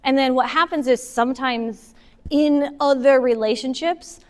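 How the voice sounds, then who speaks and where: A woman giving a casual, animated talk to a moms' group, taking audience questions and acting out what partners say. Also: high voice, measured pace. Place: meeting hall with an audience. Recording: long hall reverb.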